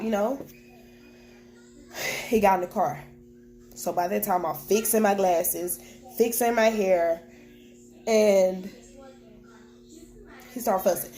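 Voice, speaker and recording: A young woman with a warm, medium-pitched voice tells a personal story to her vlog camera at home, where children can be heard nearby. She is unhurried and takes long pauses, her intonation fairly even, as she frankly retells events and quotes the dialogue.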